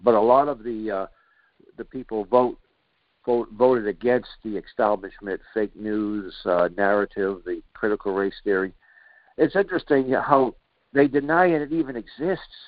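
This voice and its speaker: A man's voice: lowish voice, moderate pace, no echo, muffled recording. A male radio host giving an indignant political monologue, rambling with many fillers and restarts.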